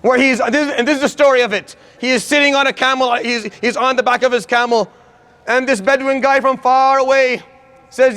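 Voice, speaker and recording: A man's voice: extremely high pitch, steady tone, normal speed, sharp tone, clean tone. A man giving an earnest religious lecture, speaking emphatically and getting worked up as he urges his listeners. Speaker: Islamic lecturer.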